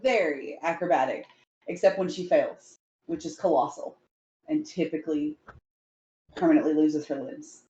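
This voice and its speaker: A woman's voice: low-pitched, normal speed, mellow, echoey room, muffled recording. A woman describing her character with hesitant, giggly, dry humor. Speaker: player. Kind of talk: casual game chat.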